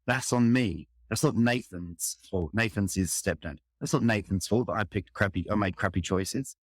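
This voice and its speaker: A man's voice: on the low side, moderate pace, breathy edge, dry recording, studio quality. A middle-aged man with a London accent, telling a personal story in an earnest, reflective way. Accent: London English. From England. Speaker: interview guest, firefighter.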